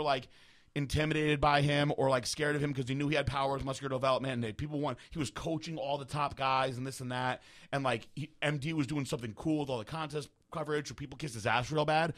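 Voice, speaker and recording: A young man tells a long story on a podcast in a rapid, tumbling way. His voice is bright and forceful. He swears freely and slips into the voices of the people he quotes, then drops back into casual chat. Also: mid-range voice. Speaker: podcast host.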